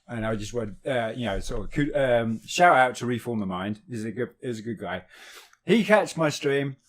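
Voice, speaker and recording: A man's voice: medium pitch, lively intonation, normal speed. A middle-aged man from Britain with a British accent who talks bluntly in casual podcast chat and tells rambling anecdotes. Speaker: podcast co-host.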